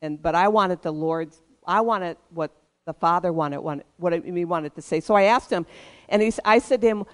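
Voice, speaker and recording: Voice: medium pitch, normal speed. A pastor preaching a sermon, emphatic and leading the congregation in call-and-response.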